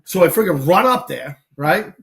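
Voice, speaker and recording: A Boston host of a casual talk show tells animated stories full of salty slang, acting out the quoted dialogue. His voice is a little high with some vocal fry, and he moves at a moderate pace.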